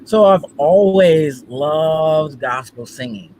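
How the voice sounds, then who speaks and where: A man guesting as a gospel singer, goofy and animated, full of fillers. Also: fairly high pitch, takes it slowly, a little hiss or hum, rough recording. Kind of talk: casual interview chat.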